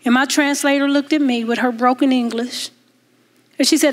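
A woman minister preaching a sermon in a church, telling a story with emphatic rises and hushed passages. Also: high voice, moderate pace. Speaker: guest minister. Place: church sanctuary.

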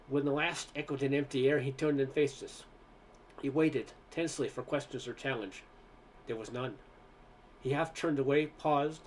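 A man's voice: medium pitch, slight background noise. A man reading a first-person story aloud in a conversational way, with occasional stumbles. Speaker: narrator.

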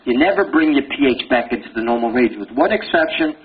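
An older man giving a lively pathology lecture, quizzing students with rapid questions and joking as he goes. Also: medium pitch. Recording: dull lo-fi lecture recording with faint hiss.

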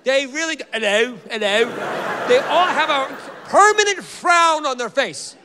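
A man doing a stand-up comedy set on a theater stage, animated and incredulous, firing punchy rhetorical questions, with audience laughter behind him. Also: very high voice, moderate pace, crowd noise, noisy background.

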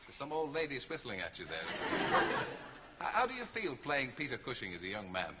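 A man hosting a TV chat show in front of a live audience, teasing his guests with quick banter. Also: mid-range voice, wildly swooping pitch, a loud crowd. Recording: loud studio audience and noise. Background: audience laughter.

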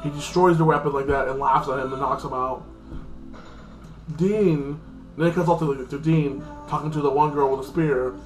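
A man talks through a TV episode in a loose, rambling recap, leaning on fillers as he goes. His voice sits a little high. The room is echoey, with faint music underneath. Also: steady tone, normal speed. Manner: rambling, heavy with fillers like "like" and "freaking". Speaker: channel host reviewing a TV episode. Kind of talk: casual spoken episode recap.

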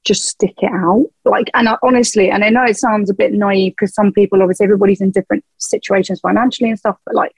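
A woman's voice: mid-range voice, fairly even intonation, quick pace, gravelly, few pauses, slightly rough, no echo, rough recording. A young woman, a band's vocalist, chatting frankly as a podcast guest, laughing often and swearing casually. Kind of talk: casual chat.

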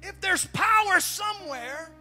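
A male pastor preaching a sermon in a church, swinging between quieter asides and shouted, sing-song peaks. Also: extremely high pitch, lively intonation, measured pace, music in the background. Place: church sanctuary.

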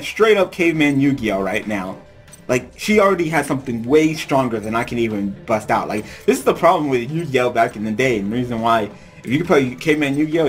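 A man casually commentating his gameplay, rambling with many fillers. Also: medium pitch. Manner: rambling, filler-heavy, laughs often. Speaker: let's play host.

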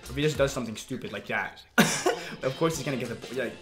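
A young man giving excitable live commentary on his own video game match, reacting loudly to each play. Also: medium pitch, fast talker, loud music behind the voice. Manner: excitable, reacts loudly to plays, frequent "yo" and "literally". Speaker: gaming YouTuber.

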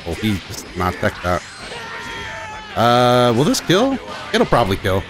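Excitable man commentating his own gameplay. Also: medium pitch, unhurried, music in the background. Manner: excitable, swings between muttering and shouting. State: throat a bit rough. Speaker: gaming YouTuber.

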